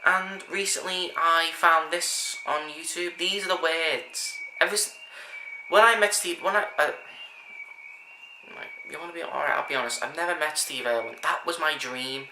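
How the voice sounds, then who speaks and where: A man's voice: on the high side, normal speed. A man talking casually to camera, earnest and rambling, often restarting his sentences. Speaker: vlogger. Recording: echoey room with faint background hiss.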